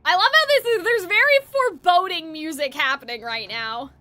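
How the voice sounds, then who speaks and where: A woman's voice: very high voice, moderate pace, sharp tone. A young woman streaming a game, chatting in a rambling, casual way. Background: faint game music.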